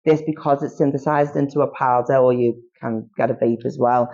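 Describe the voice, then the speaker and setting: A man's voice: medium pitch, steady tone, brisk, mellow. A man who is a guest on a podcast, chatting casually and rambling with lots of fillers and restarts. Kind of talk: casual chat. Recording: dull lo-fi recording.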